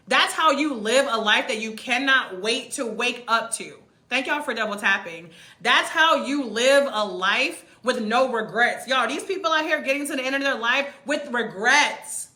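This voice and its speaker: A vlogger in her thirties live-streams a motivational talk to her followers from a room in Mexico, emphatic and repeating her points while calling viewers "y'all." Her voice is on the high side, pushed and bright, and it sounds reverberant.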